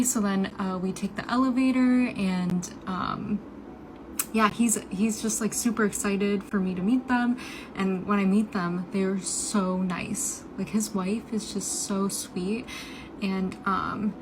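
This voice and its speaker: A woman's voice: mid-range voice, fairly even intonation, normal speed, noisy background. A woman, recounting her own story casually and filling her talk with "like.". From Japan and the United States. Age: 20s. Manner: chatty, heavy use of "like" fillers. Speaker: reunion storyteller.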